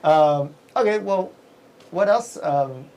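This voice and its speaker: A man's voice: a little high, expressive, slow pace, a little mellow, low-quality recording. Rambling, filler-heavy male show host. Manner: rambling, filler-heavy, with frequent self-corrections. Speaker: host and event emcee. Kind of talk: casual business chat.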